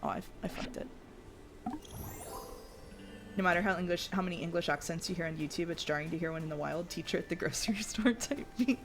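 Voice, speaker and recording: A woman's voice: fairly low pitch, a little fast, pauses often. A woman streaming a life-sim game, chatting casually, reading chat messages aloud and often trailing off and restarting her sentences. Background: faint game music.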